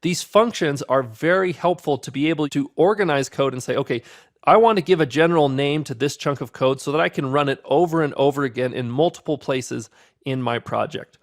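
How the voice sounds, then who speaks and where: A man teaching a beginner programming course, talking through his code step by step in a relaxed, upbeat way. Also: a little high, brisk. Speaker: programming instructor. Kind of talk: screen-recorded coding tutorial.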